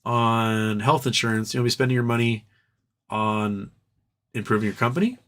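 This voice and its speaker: A man's voice: medium pitch, moderate pace, a bit bright. A man hosting a casual livestream, reading viewer comments aloud and riffing on them in a loose, joking, profane way. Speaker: livestream host.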